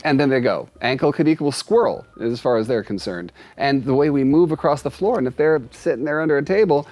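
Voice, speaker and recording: A man speaking casually to camera as a cat behavior expert, animated and explanatory, sometimes jumping up high to act out voices. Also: fairly quick, dry recording. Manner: animated, acts out cats' voices in high pitch.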